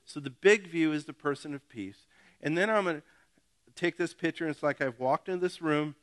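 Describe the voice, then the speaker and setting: A man's voice: a little high, a little fast, fairly bright tone. A middle-aged male pastor giving a casual, joking sermon that often addresses the congregation directly.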